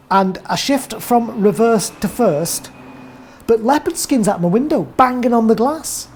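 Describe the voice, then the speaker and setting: An English woman narrates a rambling first-person tale in a dry, deadpan way. Her voice is mellow and dark in tone. There is a faint hiss behind her. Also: mid-range voice. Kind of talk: first-person comic monologue.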